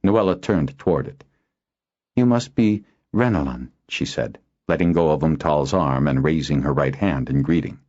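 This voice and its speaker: A man narrating a fantasy audiobook in a measured, expressive storytelling manner. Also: a bass voice. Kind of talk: scripted narration. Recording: dull lo-fi audio.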